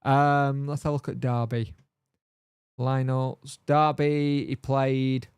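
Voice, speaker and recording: A man's voice: mid-range voice, flat delivery, takes it slowly, darkish tone, clear, resonant tone, dry recording, clean studio sound. A man hosting a football fan channel, chatting casually on a live stream and thinking aloud with lots of fillers.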